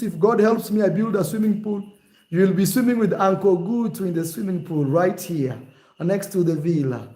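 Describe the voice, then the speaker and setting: Male vlogger, slightly high voice, animated and teasing, casual delivery. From Kenya. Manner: animated, teasing, shifts to mock accents. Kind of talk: casual vlog talk.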